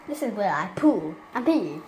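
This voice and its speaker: A woman's voice: mid-range voice, sing-song, normal speed, darkish tone, slight background noise. A woman casually walking through a house on a phone camera, chatting and joking as she shows each room. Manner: chatty, jokey, giggly. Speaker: vlogger giving a home tour. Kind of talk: casual tour walkthrough. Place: inside a house, moving from room to room.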